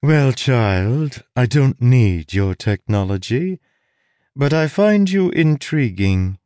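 A man's voice: mid-range voice, expressive, darkish tone, dry recording, voice pushed up. A man voicing a powerful, condescending sorceress in an audiobook, drawing out her lines in amusement. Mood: amused. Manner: condescending, drawn-out. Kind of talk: audiobook character voice.

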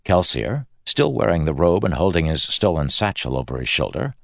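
A very deep male narrator with a gravelly texture reads a fantasy story in measured, dramatic tones. His intonation moves widely, and the close, dry recording keeps every rasp present. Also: big pitch swings, fairly bright tone, no room sound. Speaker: audiobook narrator.

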